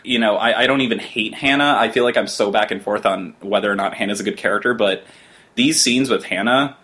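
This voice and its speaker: Sarcastic low-voiced man reviewing TV. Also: a little fast. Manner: sarcastic, exasperated, animated storytelling. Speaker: TV review podcast co-host. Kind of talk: casual review chat.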